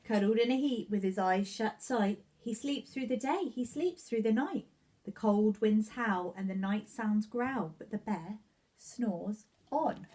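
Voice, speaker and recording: A woman reading a children's picture book aloud for nursery children, in an expressive, rhythmic sing-song way. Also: mid-range voice, a little slow. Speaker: nursery staff reader. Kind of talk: children's storybook read-aloud.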